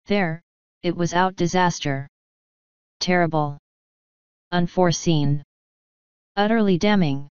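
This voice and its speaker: A woman reading an audiobook in a measured, even narration. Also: lowish voice, clear, resonant tone, no echo, muffled recording. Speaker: audiobook reader.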